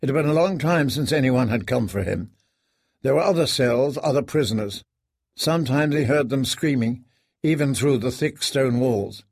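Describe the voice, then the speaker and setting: A man reading an audiobook in a measured, grave storytelling manner. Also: medium pitch, creaky, darkish tone, no room sound, studio quality. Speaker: narrator. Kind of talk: scripted audiobook narration.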